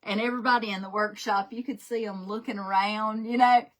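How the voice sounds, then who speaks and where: A woman's voice: medium pitch, steady tone, a little fast. A woman, chatting and telling stories while crafting live, laughing often. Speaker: craft livestream host. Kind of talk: casual chat while crafting.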